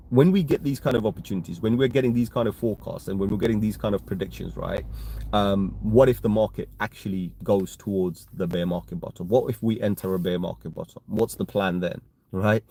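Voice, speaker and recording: A man's voice: fairly low pitch, a little fast, creaky, dark tone. A man hosting a casual crypto live stream, chatty and talking straight to his viewers, often tagging his points with "right?". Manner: chatty, tags statements with "right?"; addresses viewers as "guys".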